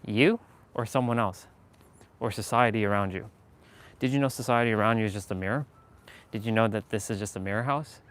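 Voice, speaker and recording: A man's voice: fairly low pitch, fairly quick, pauses often, a bit bright. A man hosting a casual motivational live stream, talking earnestly and rambling with lots of fillers and laughs.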